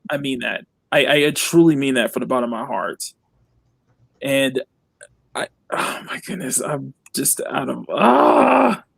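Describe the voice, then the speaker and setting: A drawing streamer signing off a live stream in casual talk, halting with many fillers and restarts, earnest and grateful toward viewers. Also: medium pitch, dry recording.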